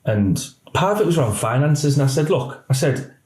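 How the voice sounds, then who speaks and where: A man's voice: mid-range voice, fairly quick. A middle-aged policeman, recounting events candidly in a podcast interview and acting out the voices he quotes. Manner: animated storyteller, acts out quoted voices. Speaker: police officer guest. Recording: echoey room.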